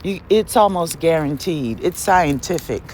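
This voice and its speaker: A woman hosting her podcast, preaching in an emphatic monologue full of rhetorical questions and laughs, with dramatic swings between high and low. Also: animated, unhurried, darkish tone, a little hiss or hum. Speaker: podcast host.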